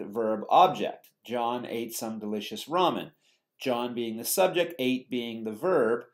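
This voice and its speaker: A man teaching a lecture, explaining step by step in a steady way, with fillers and self-corrections. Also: mid-range voice. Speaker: English teacher giving a lecture. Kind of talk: recorded lecture.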